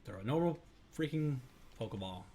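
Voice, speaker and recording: A man chatting through his own gameplay at a middle pitch. He rambles, corrects himself mid-sentence and fills the gaps with ums and uhs, all in an easy, casual tone. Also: animated, moderate pace, warm tone, a little hiss or hum. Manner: rambling, self-correcting, many fillers. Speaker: let's play host.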